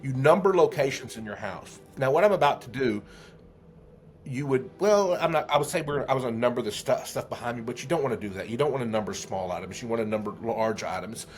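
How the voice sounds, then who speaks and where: A man's voice: mid-range voice, fast talker. A man telling a heartfelt story as a podcast guest, earnest, with many restarts. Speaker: guest, memory trainer.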